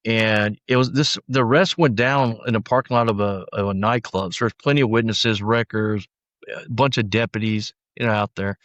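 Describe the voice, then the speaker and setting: A man's voice: lowish voice, steady tone, normal speed, a bit bright, dry recording. A middle-aged man, a former sheriff's deputy, recounting his story in an interview, with frequent restarts and quoted lines acted out. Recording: dry, slightly dull audio.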